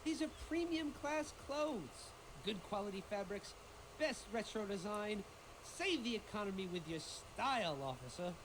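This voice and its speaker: A pushy secondhand-clothes hawker, voiced by a game actor, delivers a smooth, coaxing sales pitch. The intonation rises and falls freely. It is heard as game audio with clear noise behind it. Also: animated, unhurried, lightly acted.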